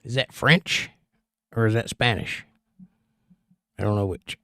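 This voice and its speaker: A man's voice: on the low side, measured pace, bright, forceful tone, no room sound, clean studio sound. A man hosting a casual livestream, chatting easily and rambling in reply to viewer comments. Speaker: livestream host.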